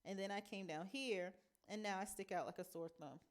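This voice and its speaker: A woman's voice: medium pitch, moderate pace, close to an everyday voice. A woman reading a novel aloud, voicing a wary young girl who speaks in a guarded, hesitant way.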